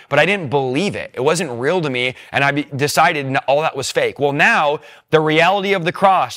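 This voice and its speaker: A young man tells his conversion story in an earnest, emotional way, tears close to the surface. His voice sits a little high and sounds bright and forceful. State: tearful. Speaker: testimony speaker. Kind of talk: personal testimony.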